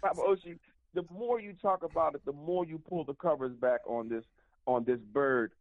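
A male radio caller heard through a narrow, tinny phone line, his voice pitched high for a man. He keeps the conversation going with frequent short agreements. The sound is dry. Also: normal speed, no room sound. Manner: agreeable, chiming in with frequent affirmations. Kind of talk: call-in radio discussion.

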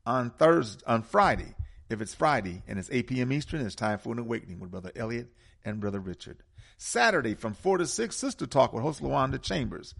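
Gravelly radio host, emphatic. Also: male voice, medium pitch, animated, fairly bright tone. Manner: preaching cadence with dramatic pauses; emphatic, repeats key words. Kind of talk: radio talk show hosting.

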